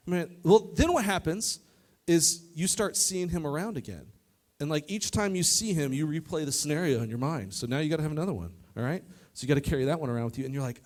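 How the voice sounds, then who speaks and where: A man preaching a youth sermon to a live audience, lively and joking, talking straight to the crowd. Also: a little high, fast. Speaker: youth pastor. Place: church youth service in front of an audience.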